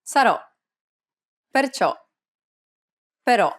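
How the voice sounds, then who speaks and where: A woman reading example words aloud, slowly and deliberately, for learners. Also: on the high side, sing-song. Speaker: native speaker giving examples.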